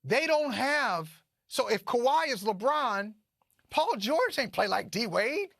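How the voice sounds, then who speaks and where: High-voiced, emphatic male sports host. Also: slow pace, vocal fry, no room sound, clean studio sound. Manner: animated and emphatic, repeats phrases for punch. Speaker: co-host of a sports talk show. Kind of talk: casual sports debate.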